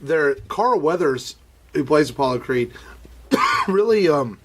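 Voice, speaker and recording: A man's voice: fairly high pitch, big pitch swings, takes it slowly, a bit bright, breathy edge. A man co-hosting a casual podcast, explaining film background thoughtfully with small restarts. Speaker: podcast co-host. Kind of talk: casual movie discussion.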